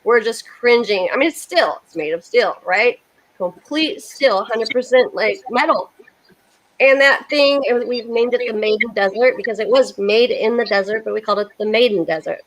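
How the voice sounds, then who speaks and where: A middle-aged woman from the United States hosting a casual talk, telling animated stories and laughing often. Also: fairly high pitch, normal speed, slight background noise, poor audio. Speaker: host. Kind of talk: casual chat.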